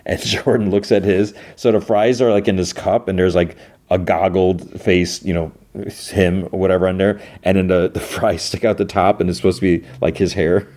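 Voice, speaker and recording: Brief: male podcast host, low pitch, rambling casual recap, stop-start delivery. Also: flat delivery, moderate pace, a little mellow. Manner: rambling retelling full of "he's like" and restarts.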